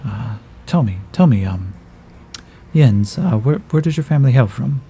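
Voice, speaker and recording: A man voicing Micah, a steady protective elf. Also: mid-range voice, normal speed, a little hiss or hum, close to an everyday voice. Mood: coaxing. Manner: firm, coaxing, patient. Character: steady male elf warrior, calm and protective.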